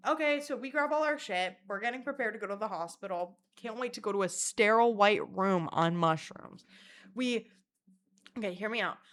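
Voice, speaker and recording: A young woman telling a story in a vlog, animated, dramatic and full of swearing. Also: medium pitch, normal speed.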